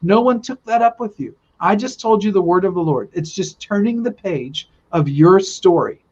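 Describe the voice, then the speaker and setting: This podcast guest speaks in a high-sitting, darkish voice with a breathy edge, lively intonation, and moderate speed. Telling of a spiritual vision, he earnestly spins a long, casual story full of rambling restarts. The audio sounds dull and lo-fi.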